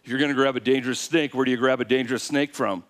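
Rapid-fire and medium in pitch, this preacher delivers his sermon as energetic storytelling. He takes on the lines of God and Moses and asks his audience questions.

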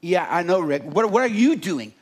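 A man voicing God as a patient father gently rebuking an angry driver in a sermon illustration. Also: high voice, animated, normal speed. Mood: gently scolding.

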